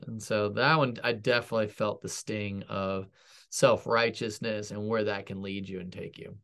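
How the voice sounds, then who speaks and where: A man's voice: fairly low pitch, fairly even intonation, moderate pace, vocal fry, bright, forceful tone. A man, a pastor and military veteran, telling stories in a rambling, self-deprecating way as an interview guest. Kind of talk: casual storytelling interview.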